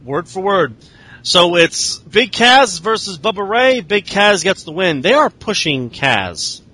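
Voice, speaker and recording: A man's voice: high-pitched, sing-song, slow pace, bright, forceful tone. A man casually recapping wrestling shows in a sardonic, profane way. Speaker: podcast host.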